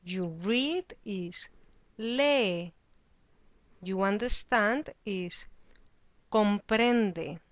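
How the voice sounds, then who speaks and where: Woman teacher, unhurried and precise, mid-pitched, dry studio sound. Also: dry recording. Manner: deliberate, careful pronunciation of example words. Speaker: Spanish teacher. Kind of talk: slow, clear teaching explanation.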